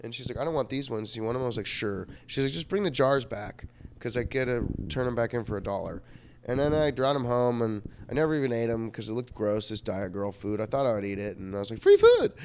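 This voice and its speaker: A man's voice: mid-range voice, fast, slight background noise. A young man telling a rambling personal story in a vlog, profane and self-mocking, full of fillers, and sick. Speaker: vlogger.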